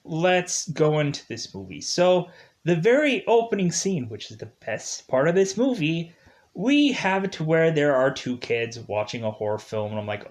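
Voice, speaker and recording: A man giving a casual spoken movie review, rambling and animated, with lots of filler words. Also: a little high, moderate pace. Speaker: film reviewer.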